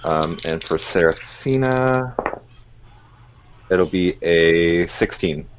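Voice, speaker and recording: A man's voice: low voice, expressive, slow pace, muffled recording, background noise. A man playing a tabletop game, talking hesitantly with many fillers. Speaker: player.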